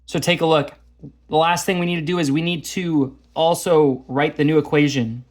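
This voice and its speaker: A man talks students through math problems on the board, chatty and a little self-mocking. His voice sits somewhat high for a man. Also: steady tone, normal speed. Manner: chatty, self-deprecating, talks while drawing graphs. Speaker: math teacher. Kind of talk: casual lesson walkthrough.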